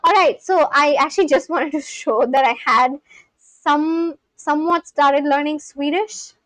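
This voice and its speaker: A woman from India who is learning a language chats casually on a livestream in a high, slightly bright voice, at an unhurried pace with no room sound. She thinks out loud, responds to questions from chat, and repeats practice phrases, restarting many times.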